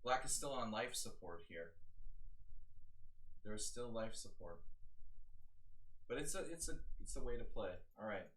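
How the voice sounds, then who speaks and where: Low-voiced man analyzing chess live. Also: lively intonation, moderate pace, pauses often, a bit bright, low-quality recording. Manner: chatty, joking, thinking aloud. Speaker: chess coach. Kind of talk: live-stream game analysis.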